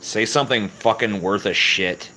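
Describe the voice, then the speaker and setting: A low-pitched man with a bright, forceful edge to his voice, answering a livestream chat in a crude, deadpan, mocking way. Faint crickets and insects chirp in the background. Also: moderate pace, slight background noise, poor audio. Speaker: livestream host reading chat.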